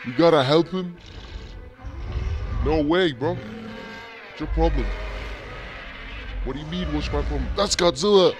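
Excitable young man reacting, bro-heavy. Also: fairly high pitch, measured pace, long pauses. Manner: excitable, constantly saying bro. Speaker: reaction video host. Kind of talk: casual reaction commentary. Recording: loud music playing behind.

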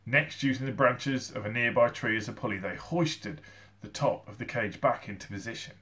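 A male teacher reading a children's novel aloud to his class, with expressive storytelling. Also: medium pitch, normal speed. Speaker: primary school teacher.

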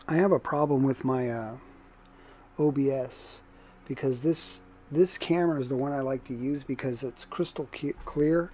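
A man's voice: medium pitch, unhurried, mellow, a little hiss or hum. A man hosting a livestream while he draws comics, chatting loosely with viewers and speeding up when he explains things. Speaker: comic artist livestream host. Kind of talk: casual livestream chat while drawing.

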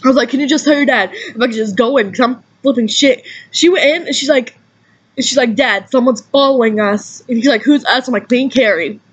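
A young woman tells a story to her camera in a casual, animated rush, jumping into the voices of the people she quotes. Her voice sits high and bright in pitch. The recording is dull and lo-fi, like a basic home setup. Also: fast talker, breathy edge. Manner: animated, acts out quotes, swears freely. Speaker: vlogger.

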